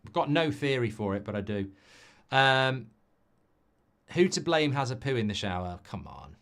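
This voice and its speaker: A man hosting a live football watchalong, chatting with viewers in a sweary, cynical, rambling and animated way, from England. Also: medium pitch, normal speed. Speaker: watchalong host.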